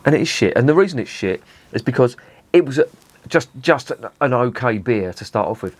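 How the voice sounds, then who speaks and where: A man's voice: medium pitch, animated, a little fast, dry recording. A man reviewing beer in a vlog, ranting in a sweary, exasperated way and often restarting his sentences.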